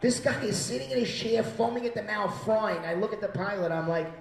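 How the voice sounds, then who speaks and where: A man doing a stand-up comedy set, profane, with loud acted-out quotes. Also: high voice, brisk, gravelly, hardly any pauses, reverberant, recorded from a distance, poor audio. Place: small comedy venue.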